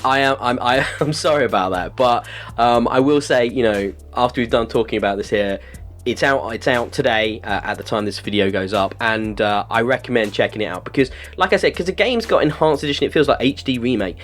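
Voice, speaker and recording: A man's voice: medium pitch, fairly quick, a bit bright, soft background music. A man hosting a casual video game review podcast, talking with gushing enthusiasm and plenty of filler words. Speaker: podcast host.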